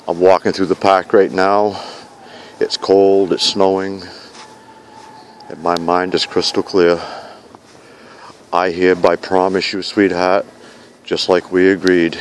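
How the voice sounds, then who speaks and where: A man with a low, even voice records an earnest message on his phone while walking through a snowy park at night. He pleads and repeats his vows steadily, with little rise and fall, and faint hiss sits under his words. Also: takes it slowly, pauses often. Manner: earnest, pleading, vow-like repetition. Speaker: vlogger addressing his fiancée. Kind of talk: heartfelt spoken video message.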